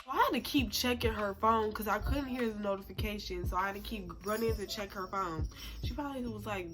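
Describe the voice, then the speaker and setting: A woman's voice: medium pitch, a little fast. A woman in her twenties telling a personal story to camera in a chatty way, with lots of "like" fillers and laughs at herself. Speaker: storytime vlogger. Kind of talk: casual storytelling. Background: background music.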